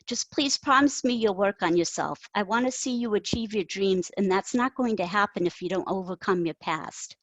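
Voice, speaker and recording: A woman reading her own story aloud, voicing a blunt, teasing adult friend who gives advice in a brisk, emphatic way. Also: mid-range voice, no echo, close to an everyday voice, low-quality recording.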